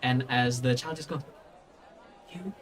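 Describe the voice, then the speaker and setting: A man narrates a fantasy tabletop adventure as game master. His talk is rambling and loose, full of fillers and restarts, at an ordinary pitch. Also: moderate pace, a bit bright, some chatter behind, a little hiss or hum.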